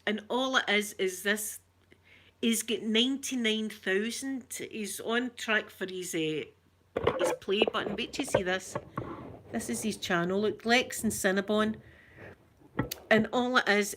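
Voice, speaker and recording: A woman's voice: a little high, a little slow, fairly bright tone, a little hiss or hum. A woman with a Scottish accent chatting casually with viewers on a live stream, giggling often and reading out comments. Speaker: ASMR channel host.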